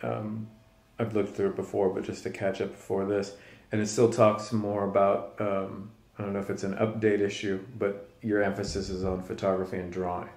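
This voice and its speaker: A man's voice: fairly low pitch, flat delivery, moderate pace, few pauses, a little mellow, reverberant. A man hosting a podcast interview, asking curious, rambling questions with restarts. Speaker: podcast host. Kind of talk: casual interview conversation.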